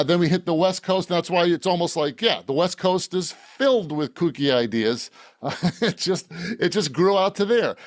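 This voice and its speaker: A man from Boston with a fairly high voice, talking as a guest on a podcast. He rambles from point to point, joking and laughing as he goes. The sound is dry and close, with no room in it. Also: no room sound. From Boston, Massachusetts. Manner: rambling, joking, laughs often, frequent restarts. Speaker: author guest. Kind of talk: casual podcast interview.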